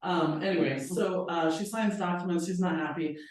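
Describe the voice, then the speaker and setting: A woman's voice: lowish voice, moderate pace. Echoey far-off woman presenter. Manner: animated, acts out quoted people with voices. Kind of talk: storytelling in a training seminar.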